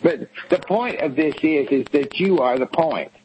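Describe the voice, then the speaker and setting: Talk show co-host: fairly high-voiced man, blunt and profane, lectures hard, faint noise behind. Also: normal speed, a little mellow, rough recording. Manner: profane, scolding and emphatic. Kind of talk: blunt tough-love talk show rant.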